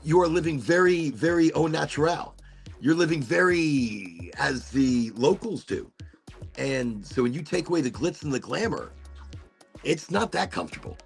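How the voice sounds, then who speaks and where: A man's voice: on the high side, lively intonation, moderate pace, creaky, soft background music. A male host running a casual livestream chat show, rambling playfully and swearing freely.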